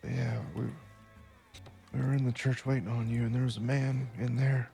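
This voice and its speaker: A man's voice: mid-range voice, little pitch movement, moderate pace, creaky, mellow, faint music behind. A man in an in-character western roleplay, talking in a stammering, hesitant way.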